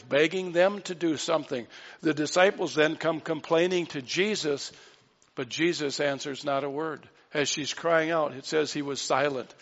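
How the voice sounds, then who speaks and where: A man preaching a sermon, retelling a Bible story and acting out the voices in it. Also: fairly high pitch. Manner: storytelling, acts out quoted voices with dropping softness. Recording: dull lo-fi sound with long hall reverb.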